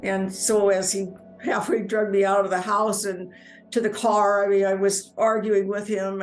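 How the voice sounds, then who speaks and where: A woman telling her personal life story in earnest, halting speech, often repeating words as she goes. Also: mid-range voice, level tone, faint music behind, rough recording. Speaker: near-death experience storyteller. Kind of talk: personal testimony.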